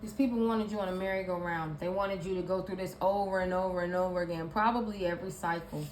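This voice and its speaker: A woman's voice: lowish voice, steady tone, fast talker, darkish tone. Woman doing a tarot reading, pushy repetitive delivery, echoey room with a bit of hiss. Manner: emphatic and repetitive, listing card meanings. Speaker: tarot reader. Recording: echoey room with faint ambient noise.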